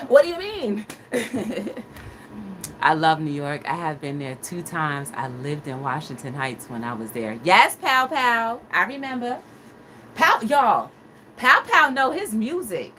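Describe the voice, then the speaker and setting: Lively woman host chatting with her stream, acts out quotes, faint noise behind. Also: lowish voice, slow pace. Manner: animated storyteller, acts out quotes, laughs often. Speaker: livestream talk show host. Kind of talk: casual chat reading live comments.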